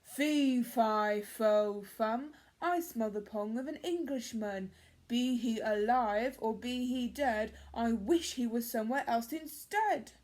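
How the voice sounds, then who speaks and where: A woman voicing a loud, booming male giant in a children's story, chanting his lines. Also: unhurried, few pauses. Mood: roaring.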